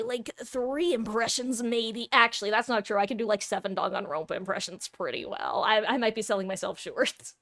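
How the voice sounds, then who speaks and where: A woman's voice: mid-range voice, brisk, few pauses, a bit bright, no echo. A woman streamer in a casual live-stream chat who rambles, laughs often and pokes fun at herself. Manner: frequent restarts and filler words.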